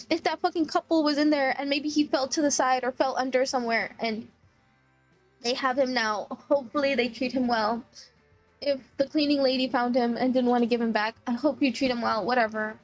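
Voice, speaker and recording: A woman's voice: high-pitched, moderate pace, no room sound, soft background music. A woman streamer chatting casually about a sad trip story, tearful, laughing through tears and full of "like" fillers. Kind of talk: casual chat.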